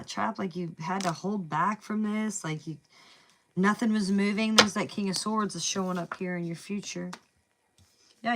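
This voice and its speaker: A woman with a Southern drawl talks through a tarot spread in a loose, chatty way, thinking out loud as she goes. Her voice sits on the lower side. A faint hiss runs under the recording. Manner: chatty, thinking aloud, drawls "y'all" and "man". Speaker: tarot reader. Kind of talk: casual tarot reading.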